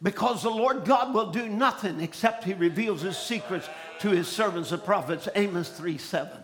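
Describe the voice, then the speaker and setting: A man delivering a fiery sermon in a very high, bright, forceful voice. He shouts his points, breaks into call-and-response with the congregation, and often restarts and repeats phrases as he builds. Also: normal speed. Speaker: preacher.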